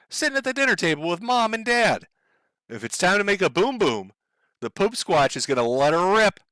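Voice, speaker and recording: A male commentator with a bright, high voice that swings widely as he mocks his subject. He is sarcastic and animated and keeps cracking himself up. The sound is close and dry. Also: no room sound. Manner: sarcastic, animated, laughing often. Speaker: online commentary host. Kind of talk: mocking video commentary.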